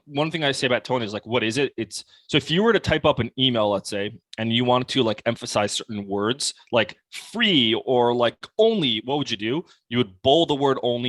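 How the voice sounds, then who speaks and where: A man's voice: medium pitch, dry recording. Young guy on a podcast, chatty, says "like" a lot, dry sound. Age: young adult. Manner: casual, animated, heavy use of "like". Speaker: podcast guest, sales coach. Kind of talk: conversational podcast interview.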